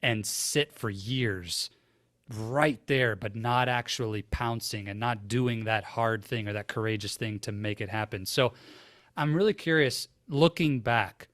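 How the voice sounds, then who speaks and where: A man's voice: medium pitch, fairly bright tone, dry recording. Earnest male podcast host, dry sound. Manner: earnest, reflective questioner. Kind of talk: interview conversation.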